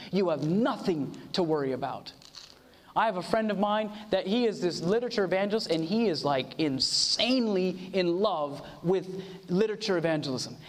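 Quoting scripture and asking the congregation for amens, a man delivers an earnest sermon. His voice is very high and moves a lot in pitch, and his words ring out with long reverb, as in a big hall.

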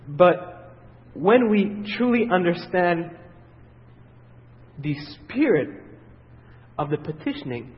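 A man preaching a sermon, asking the congregation questions and waiting for their answers, swinging from loud emphatic peaks to quiet, low passages. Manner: asks the audience questions and pauses for their answers. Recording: dull, reverberant hall sound.

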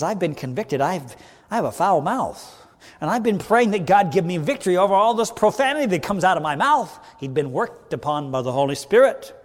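Male pastor, fairly high voice, preacherly sermon delivery with wide loudness swings, church hall with long reverb. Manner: preacherly, asks the audience questions and answers them, wide swings in loudness. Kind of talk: sermon Bible study.

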